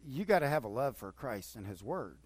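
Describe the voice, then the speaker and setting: A man's voice: medium pitch, very animated, a little fast, darkish tone, husky, dry recording. A middle-aged male pastor preaching conversationally, with repeated surges of enthusiasm. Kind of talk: sermon.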